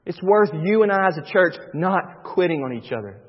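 A man, a pastor preaching a sermon, swinging between loud and hushed. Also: high voice, expressive, normal speed, husky. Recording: dull recording with long church reverb.

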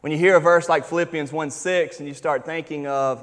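A man's voice: fairly high pitch, fairly even intonation, fairly quick, few pauses. A man in his thirties preaching a sermon in a conversational, storytelling manner with emphatic stretches. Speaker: pastor. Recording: reverberant hall.

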